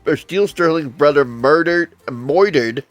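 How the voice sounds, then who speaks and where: Man doing a newsboy shouting headlines, singsongy, bit high. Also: lively intonation, measured pace, no room sound, soft background music. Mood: hawking. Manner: sing-song hawking, mangled words. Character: loud street newsboy crying headlines.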